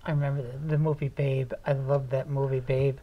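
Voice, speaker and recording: A woman's voice: extremely low pitch, little pitch movement, fairly quick, muffled recording, a little hiss or hum. A woman hosting a local talk show, chatting with her guest in a folksy, joking way. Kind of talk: casual interview chat.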